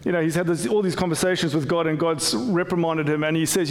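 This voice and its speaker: A man's voice: on the high side, steady tone, fast, hardly any pauses, darkish tone, in a large hall. A man preaching a conversational sermon as pastor, with frequent restarts and repeated words. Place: church.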